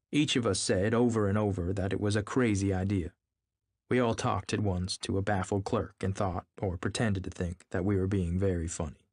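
Male reader, lowish voice, measured novel reading, dry mic. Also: darkish tone, dry recording.

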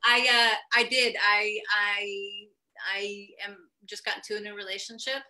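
A young adult woman telling a stand-up set over a video call, animated and profane, laughing through her stories. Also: mid-range voice, moderate pace. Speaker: stand-up comedian.

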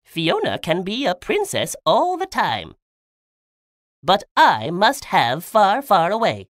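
A woman's voice: medium pitch, wildly swooping pitch, takes it slowly, dry recording, studio quality, pitched above the performer's own voice. A woman voicing a sly, scheming male trickster in a storybook, pushing a bad deal.

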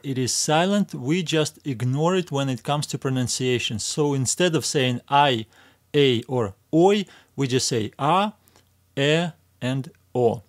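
A man giving a recorded language lesson, pronouncing each sound slowly and repeating it, with frequent "uh" fillers. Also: medium pitch, no echo, clean studio sound. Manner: slow, careful repetition of each sound. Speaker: Greek teacher.

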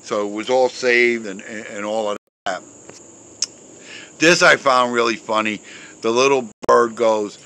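A man hosting his own show outdoors, chatting casually in a loud, forceful, outspoken way and chuckling often. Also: medium pitch, steady tone, a little slow, clean tone, poor audio. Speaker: show host showing memes and pictures. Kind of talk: casual rambling commentary. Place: outdoors in a breeze.

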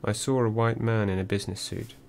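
A male narrator reads a memoir in a low, steady voice with little rise and fall. His delivery is measured and dry. A faint hum sits underneath. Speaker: audiobook narrator. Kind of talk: first-person memoir reading.

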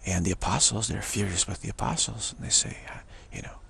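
On the low side and a bit bright, his gravelly, husky voice takes on a sing-song quality at a moderate pace. The man, a spiritual teacher, rambles through an informal religious sermon with repetition, many restarts, and emphatic declarations.

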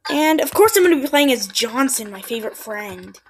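A woman giving excitable let's play commentary, yelping at mishaps and dropping into whispered asides. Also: sits high, brisk, breathy edge. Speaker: gameplay commentator.

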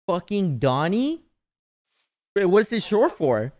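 A man's voice: high voice, big pitch swings, slow, darkish tone. A man in his twenties streaming a game, chatting casually with lots of profanity, teasing and laughter. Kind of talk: casual live-stream chat while gaming.

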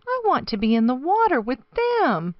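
A woman voicing a playful, spunky baby girl hippo, excited and giggly in a storybook reading. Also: high-pitched, normal speed, no room sound, voice pushed up. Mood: determined. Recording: dry, slightly dull recording.

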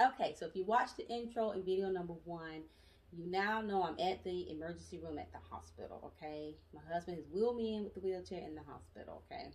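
Brief: young adult woman, chatty storytelling vlogger, recorded a little far from the mic. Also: fairly low pitch. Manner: chatty, animated, with frequent asides and laughs. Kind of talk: casual storytelling vlog. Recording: voice distant from the mic.

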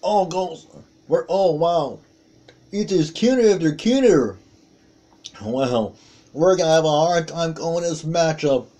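A man calls a wrestling bout blow by blow, breaking into excited yelps as each move lands. His voice sits a bit high but has a soft, mellow tone, and he takes his time between calls. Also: unhurried, pauses often. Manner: excited exclamations, calls out moves. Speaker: commentator. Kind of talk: play-by-play commentary on a wrestling match.

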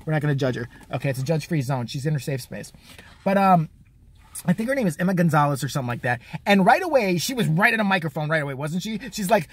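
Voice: mid-range voice, expressive, breathy edge, dry recording. A vlogger delivering a crude, mocking, profane comedic rant. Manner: crude, mocking, fast-talking.

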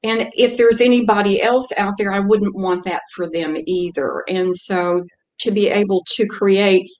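American woman guest, earnest, lots of fillers, mid-range voice. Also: mid-range voice. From United States. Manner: warm, earnest, halting with many fillers. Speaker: guest, community organizer. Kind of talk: casual interview chat.

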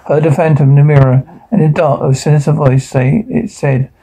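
A man reading a first-person horror story aloud, halting now and then with stumbles and restarts. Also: fairly high pitch, vocal fry, mellow, breathy edge, low-quality recording. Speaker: narrator.

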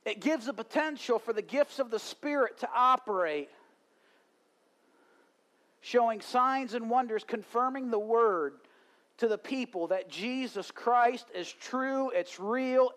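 Preaching slowly with a fairly bright tone, this pastor has a voice that sits notably high for a man. His sermon at a live service starts with a story and builds into fervent preaching.

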